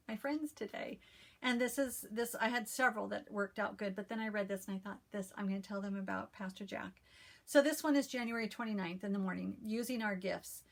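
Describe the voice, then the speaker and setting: A woman hosting a casual stitching vlog, who chats and reads a devotional aloud in a calm, soothing voice with frequent restarts. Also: medium pitch, vocal fry. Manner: chatty, with frequent restarts and fillers. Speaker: cross-stitch video host. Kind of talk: casual chat and devotional reading.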